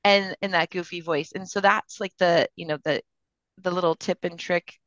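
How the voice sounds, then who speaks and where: Low-voiced grandmother chatting on a dull, dry recording. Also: fairly even intonation, a bit bright, dry recording. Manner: chatty, halting with fillers, laughs often. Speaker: podcast co-host. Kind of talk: casual chat.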